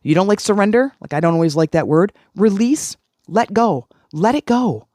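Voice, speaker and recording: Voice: mid-range voice, lively intonation, moderate pace, warm tone, no echo, studio quality. A middle-aged podcast host giving a self-help talk, earnest and repeating key phrases for emphasis.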